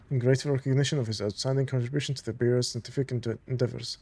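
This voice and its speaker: A man's voice: mid-range voice, steady tone, very fast, few pauses, darkish tone, slightly rough. A man casually commenting on a video game he plays, reading in-game documents aloud between enthusiastic fan remarks. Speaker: gamer playing through a story game. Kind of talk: casual let's-play commentary.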